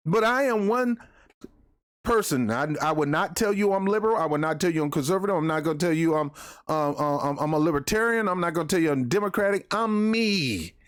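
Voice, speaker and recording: A man's voice: on the high side, fairly quick. A man hosting his own show, ranting heatedly in casual, repetitive speech. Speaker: commentary host. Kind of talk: political rant to camera.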